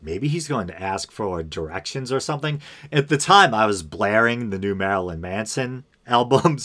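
A man's voice: on the low side, a bit bright. A man hosting a podcast, telling a personal story in an unscripted, rambling monologue full of fillers and asides. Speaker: podcast host.

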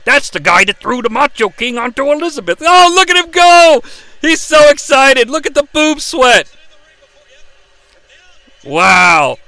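A man hosting a live watch-along of a wrestling match, calling the action in an excitable, profane way. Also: very high voice, a little slow, gravelly, pauses often, dry recording. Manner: excitable, profane, yelling play-by-play. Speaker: host.

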